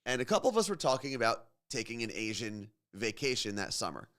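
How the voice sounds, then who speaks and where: A man co-hosting a morning radio show, telling long casual stories with a relaxed, rambling manner. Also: mid-range voice, fairly quick. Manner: chatty storyteller, bursts into silly singing.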